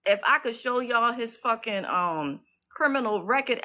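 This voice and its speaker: A woman's voice: fairly high pitch, animated, moderate pace, sharp tone. A middle-aged woman ranting on a casual livestream about her own court case, blunt and profane, stressing her points and often restarting her sentences.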